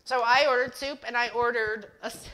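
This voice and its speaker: A woman's voice: on the high side, fairly even intonation, fairly quick, pushed and bright. A middle-aged woman hosting a DIY craft livestream, chatting casually and laughing at herself while she demonstrates. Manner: giggly, self-deprecating storyteller. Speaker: craft channel host.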